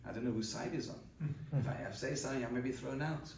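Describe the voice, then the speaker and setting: A man's voice: mid-range voice, fast, a little mellow. A man, a rabbi delivering a eulogy sermon, earnest and storytelling, often repeating a word as he searches for the next phrase. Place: large study hall. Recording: roomy hall audio from a distance, faint noise.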